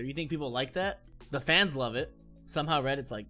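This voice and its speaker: A man's voice: a little high, lively intonation, sharp tone, faint music behind. A man in his thirties ranting heatedly in casual chat on his stream, swearing often and restarting his sentences. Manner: heated, profane, fast rambling with many restarts.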